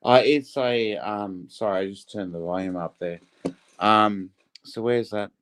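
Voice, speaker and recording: A man's voice: lowish voice, unhurried, fairly bright tone. A man in casual livestream chat, laid-back and asking simple questions.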